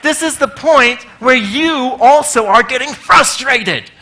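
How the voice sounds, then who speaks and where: Animated, bright-voiced male conference speaker. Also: extremely high pitch, slow. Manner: animated, swears freely, acts out voices. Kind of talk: comic conference talk.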